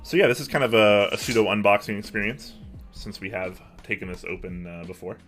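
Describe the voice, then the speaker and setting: Soft music plays behind a young male livestream host who chats from his home office and responds to viewer messages. He speaks a little quickly, with a fairly low pitch and a fairly bright tone.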